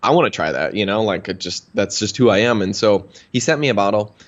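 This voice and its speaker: Low-ish guy rambling through a story in an interview, lots of um and like, kinda muffled audio. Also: lively intonation, fairly quick. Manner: chatty, anecdotal, many fillers. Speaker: health practitioner.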